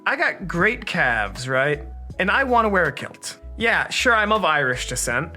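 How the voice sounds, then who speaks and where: A man's voice: high-pitched, very animated, a little slow, bright, forceful tone, soft background music. A man co-hosting a casual comedic chat, playful and laughing often. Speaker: co-host.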